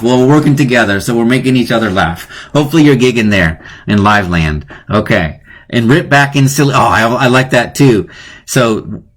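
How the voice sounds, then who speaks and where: A man's voice: medium pitch, a bit bright. A man hosting a live online lesson, playful and chatty, often chuckling at his own jokes. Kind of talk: casual live-streamed lesson.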